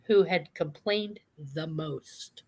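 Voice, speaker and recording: A woman hosting a live talk show, telling a calm, reflective story from her own past. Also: sits low, slow pace. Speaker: host.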